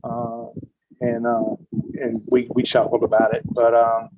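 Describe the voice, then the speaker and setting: A man who works in intensive care, speaking on a video call in a hurried, earnest way with frequent hesitations. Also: medium pitch, little pitch movement, creaky, highs cut off, noisy background. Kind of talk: informal video-call remarks.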